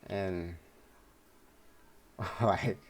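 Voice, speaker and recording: A man's voice: deep voice, fairly even intonation, very slow. A young man casually telling a story from his life, rambling, laid-back and full of swearing, recorded at home.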